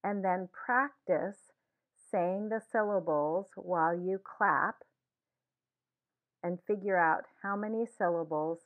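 A woman teaching a language lesson in a slow, deliberate scripted way, saying each word twice. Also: on the low side. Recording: tinny phone-like sound.

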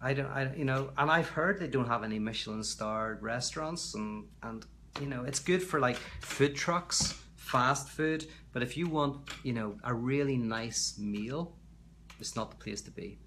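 A man's voice: medium pitch, unhurried, sharp tone. Guy rambling on a home livestream, medium voice, faint hiss in the background. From Belfast, Northern Ireland. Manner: rambling and chatty, reading out viewer comments. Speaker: livestream host. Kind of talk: casual livestream chat. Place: at home, indoors.

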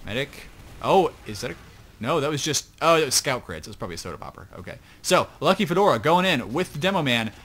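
A man's voice: mid-range voice, sing-song, fast, a bit bright. A man giving casual play-by-play commentary on an online match from his home computer, chatty and rambling, with self-mocking asides. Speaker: esports shoutcaster.

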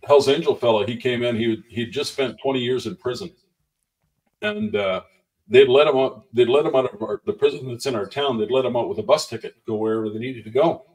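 A man in mid pitch tells church testimony stories in an easy, conversational way. He is animated and slips into the voices of the people in his anecdotes. His voice sits a little back from the microphone. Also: a little fast, far from the mic, rough recording. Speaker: guest minister.

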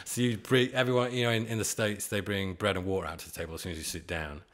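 A man in his forties talks through his past in a loose, meandering way, often chuckling at himself. His voice sits very low. It is a relaxed podcast-guest chat. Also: quick pace. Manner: rambling, chuckling, self-deprecating. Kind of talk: casual storytelling chat.

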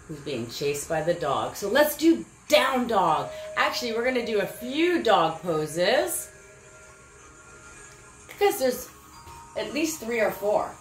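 A woman with a fairly high voice guides a preschool yoga class, encouraging and sing-song, making animal sounds as she leads the poses. The room is echoey and the recording is low quality.

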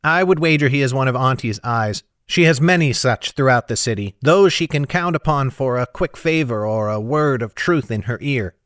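A man's voice: medium pitch, normal speed, few pauses, fairly bright tone, no room sound, clean studio sound, lightly acted. A man reading an audiobook, voicing a mocking, haughty streetwise young man. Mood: knowing. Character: scornful streetwise young man, would-be scholar.

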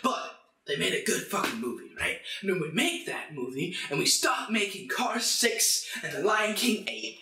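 Shouting, swearing young man. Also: high voice, big pitch swings, moderate pace. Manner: swears constantly, bursts into shouts. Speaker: channel host. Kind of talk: comedic profane rant. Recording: echoey room.

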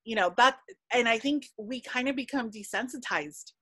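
A woman speaking on a discussion panel about her work fitting dresses. Her voice sits fairly high and rings bright and forceful. She tells stories in an animated way and fills her talk with "you know.". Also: normal speed, husky. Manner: animated storytelling with frequent fillers. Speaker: panelist and dress alterations specialist.

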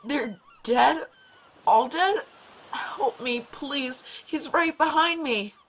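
A man's voice: extremely high pitch, slow, a bit bright, pitched above the performer's own voice, full character voice, low-quality recording. A man voicing a desperate, terrified young female colonist who pleads and stammers. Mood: terrified pleading.

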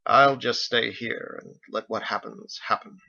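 A man voicing a lazy, drunken sea captain who speaks in a slow, low, weary drawl, in a dull lo-fi recording. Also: fairly even intonation, vocal fry, sharp tone, exaggerated voice. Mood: resigned.

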